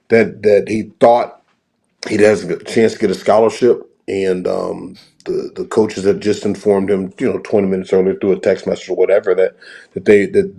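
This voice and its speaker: A middle-aged man speaks low with a gravelly edge and a mellow, dark tone. He is a football coach on a podcast, earnest and repeating words as he tells a story.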